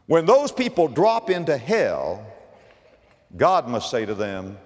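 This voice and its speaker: Man preaching with big swings in pitch. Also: wildly swooping pitch, slow. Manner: dramatic swings from loud high emphasis to low quiet asides. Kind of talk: sermon. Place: church. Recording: long reverb of a church hall.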